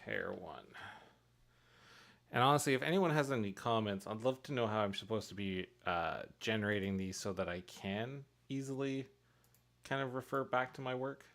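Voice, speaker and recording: A man's voice: fairly low pitch, normal speed, gravelly, fairly bright tone. A man casually narrating his work on a live stream, thinking aloud and chuckling at his own mistakes. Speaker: streamer making pixel art for a game.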